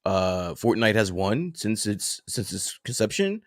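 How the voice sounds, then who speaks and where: A man's voice: fairly low pitch, big pitch swings, measured pace, no echo, clean studio sound. A man co-hosting a live stream chat, arguing bluntly and swearing often. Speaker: co-host. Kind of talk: casual chat.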